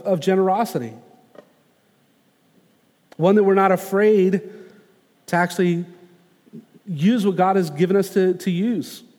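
A man preaching a sermon as pastor, earnest and measured, slowing down to stress key phrases. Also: high voice, darkish tone, long reverb tail.

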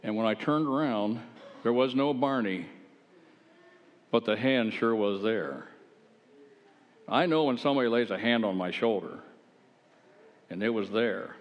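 A man preaching, telling his own testimony in a folksy, animated, conversational way with self-deprecating humor. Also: mid-range voice, measured pace, long pauses, highs cut off. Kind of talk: folksy storytelling sermon. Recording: long hall reverb.

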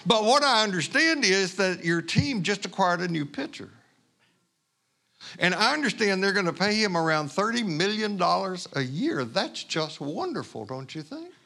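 A man's voice: on the high side, very animated, normal speed, vocal fry, fairly bright tone, exaggerated voice. A man voicing Jesus as a swarthy stranger in a sermon story, mock-cheerful and pointedly ironic.

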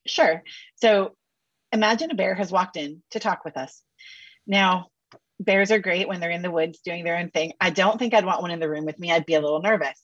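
A woman counselor talking on a podcast with sassy, animated asides and casual slang. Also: lowish voice, a little fast, husky, no room sound, dull audio. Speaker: counselor guest. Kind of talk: podcast interview.

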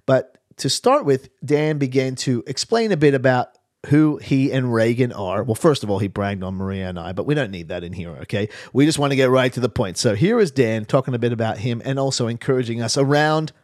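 A man's voice: mid-range voice, a little fast, a little mellow, dry recording, studio quality. A man, the church's pastor, introducing a recorded talk on the church podcast in an informal, direct way.

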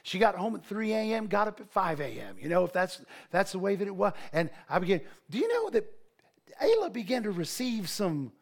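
Male pastor, high-pitched, animated sermon delivery. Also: a little fast, gravelly, hardly any pauses. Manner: animated preaching with asides and laughter.

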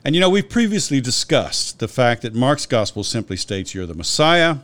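Man, scholarly Bible discussion, lively up-and-down intonation, explanatory and methodical. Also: medium pitch, moderate pace. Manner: scholarly, explanatory, with frequent restarts and citations. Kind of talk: conversational podcast discussion.

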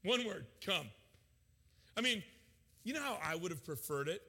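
A male pastor preaching a sermon in an animated, casual, joking way in a church hall. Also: sits high, fairly quick, breathy edge. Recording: long hall reverb.

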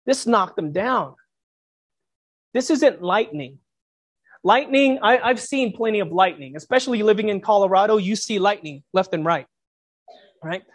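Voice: mid-range voice, lively intonation, normal speed, pauses often. A preacher delivering a reflective sermon, posing rhetorical questions to the listeners.

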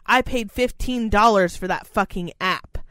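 A woman's voice: mid-range voice, unhurried, fairly bright tone, no echo. A young adult woman chatting casually, swearing heavily and ranting emotionally about a game. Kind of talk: casual chat.

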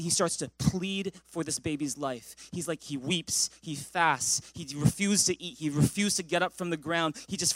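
A man pastor preaching a sermon, telling a story in an animated way with frequent restarts. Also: fairly high pitch, dry recording.

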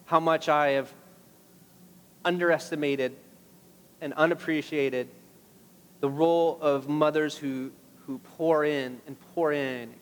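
A man's voice: fairly high pitch, in a large hall, slight background noise. A man preaching a sermon as pastor, impassioned, rising to emphatic peaks on key phrases.

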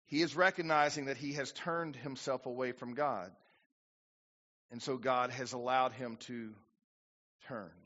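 Bright-voiced pastor preaching. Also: male voice, medium pitch, steady tone, unhurried, pauses often. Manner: preaching with rising emphatic bursts and quoted prayers. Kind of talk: sermon. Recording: dull lo-fi church recording.

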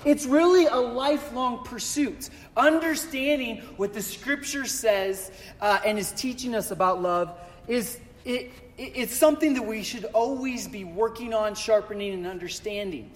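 A man's voice: extremely high pitch, moderate pace, long reverb tail. A man preaching a casual sermon as pastor in a church, chatty and joking, with self-deprecating asides. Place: church sanctuary.

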